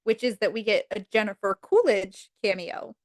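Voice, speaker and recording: A woman's voice: medium pitch, moderate pace, no echo. A woman guest on a podcast, animatedly retelling scenes and acting out the quotes in voices. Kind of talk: casual chat.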